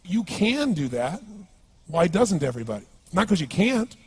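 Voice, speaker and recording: A man's voice: high-pitched, big pitch swings, moderate pace, slightly rough. A man speaking as a motivational speaker at a live seminar, emphatic and punchy, often asking the audience questions.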